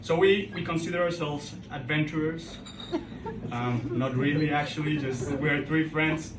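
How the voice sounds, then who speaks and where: A young man with a Colombian Spanish accent, a native Spanish speaker, telling a stand-up story on a club stage, halting and full of fillers and restarts. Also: fairly high pitch. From Colombia (Bogota). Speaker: stand-up comedian. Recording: roomy club sound from far off, loud crowd. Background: audience laughing.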